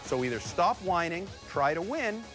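A man's voice: big pitch swings, normal speed, music in the background. A man in his thirties hosting a sports show with cocky, needling opinions. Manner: cocky, needling, swings pitch for emphasis. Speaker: host.

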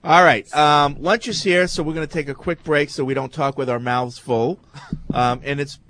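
A man's voice: on the high side, steady tone, a bit bright. A man hosting a sports talk radio show from the studio, chatting casually and reading listener mail with many fillers. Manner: easygoing, halting, many fillers.

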